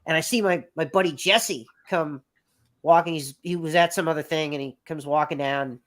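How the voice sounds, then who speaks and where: A man's voice: on the high side, normal speed, fairly bright tone. Rambling, swearing man in his thirties. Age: 30s. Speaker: podcast guest. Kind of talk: casual storytelling.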